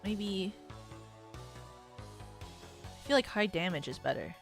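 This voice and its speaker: A young woman streams a game and talks her way through it, reading menus and item text aloud in a casual, chatty way. Her pitch sits in a middle range, and she breaks into laughter or a quick curse when something surprises her. Faint game music plays underneath. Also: sing-song, creaky. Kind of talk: casual gameplay commentary.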